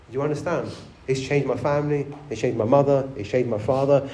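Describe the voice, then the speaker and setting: A man's voice: medium pitch, fairly even intonation, quick pace, hardly any pauses, mellow, echoey room, a little hiss or hum. A man preaching a sermon, conversational, often asking the church rhetorical questions and repeating words as he restarts. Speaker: pastor.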